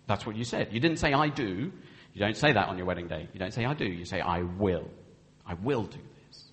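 In a long, reverberant hall, a man with a fairly low, fairly bright voice preaches on marriage. He's animated and brisk, speaking earnestly and voicing the vows aloud as quotations.

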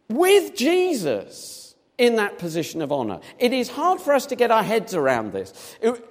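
A man preaching a sermon, animated, acting out little scenes in different voices as he reads and explains. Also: sits high, normal speed. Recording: long reverb of a large hall.

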